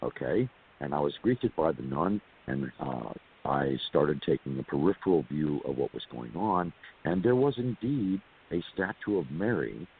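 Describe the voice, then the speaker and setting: The voice is very deep and creaky: a California man guesting on an interview, spinning a long, rambling personal story full of repeated words and side comments to listeners. It comes through a tinny phone line with audible hiss.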